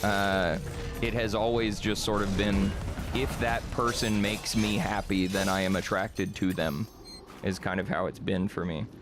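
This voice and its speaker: A young man streams in a loose, rambling way, with a slightly low voice. He swears freely and laughs a lot while he answers chat. Soft music plays quietly behind him. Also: steady tone, unhurried. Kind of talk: casual live-stream chat.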